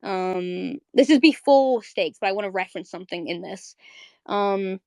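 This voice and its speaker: Hosting a live audio chat, a young woman with a medium-pitched voice gushes about a favorite cartoon episode at a moderate pace. Her recap rambles, with lots of fillers and restarts. The streaming audio mic picks her up with no echo.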